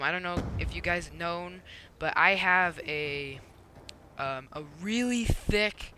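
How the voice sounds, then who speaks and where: A young man giving a casual gameplay commentary, telling a rambling, animated story with lots of "um" and "like". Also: on the high side, a little hiss or hum.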